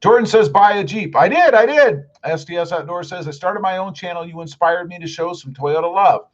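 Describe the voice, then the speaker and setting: A man's voice: high voice, lively intonation, fairly quick, dull audio. A middle-aged man hosting a casual live stream, reading viewer comments aloud in a friendly, upbeat way.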